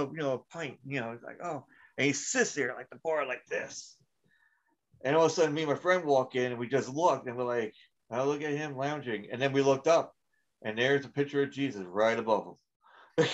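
A man hosting a casual podcast chat, telling long profane stories and laughing at them. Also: mid-range voice. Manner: rambling, profane, laughs at his own stories. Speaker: podcast host. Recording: dull lo-fi sound.

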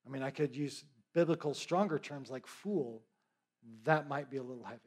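A man's voice: mid-range voice, moderate pace. A middle-aged male preacher giving a conversational sermon, with joking asides and frequent check-ins with his listeners.

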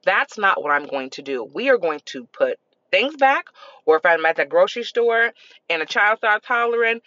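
Mom on her podcast just telling stories, laughs a lot, real animated, kinda muffled dry audio. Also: mid-range voice, normal speed, no echo. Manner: animated, expressive, laughs often. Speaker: parenting podcast host. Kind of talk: casual storytelling.

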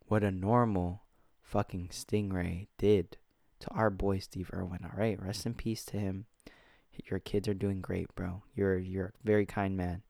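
A young man chatting casually into a close mic, rambling, swearing freely and bursting out in excitement. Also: low-pitched, measured pace, vocal fry, no echo. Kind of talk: casual chat. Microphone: close desk mic.

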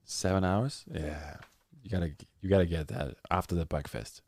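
A man's voice: low voice, normal speed, darkish tone, no echo. A man hosting a podcast, chatting in an upbeat, encouraging way with short fillers. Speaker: podcast host. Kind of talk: casual chat.

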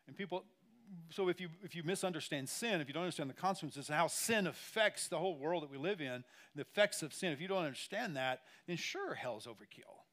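Emphatic pastor preaching. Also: male voice, on the high side, lively intonation, fast, fairly bright tone. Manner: conversational and emphatic, repeating phrases and addressing the congregation directly. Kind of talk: sermon.

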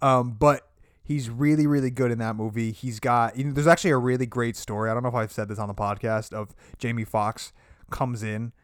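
A man's voice: mid-range voice, fairly even intonation, fairly quick, clear, resonant tone, no echo. A man talks in a loose, rambling podcast chat about films, swearing freely as he gets going. His voice sits in the middle range and sounds dry and close to the mic. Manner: enthusiastic, rambling, casual swearing. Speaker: podcast co-host. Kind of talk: casual movie chat.

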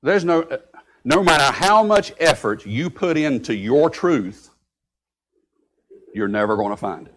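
A man preaching a sermon, breaking into sudden loud outbursts when he quotes scripture. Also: on the high side, lively intonation, unhurried, long pauses. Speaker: pastor.

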